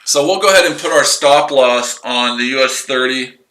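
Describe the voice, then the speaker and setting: A man's voice: medium pitch, moderate pace, sharp tone, echoey room, poor audio. A man hosting a casual live trading stream, rambling and repeating himself as he explains his trades. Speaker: trading livestream host.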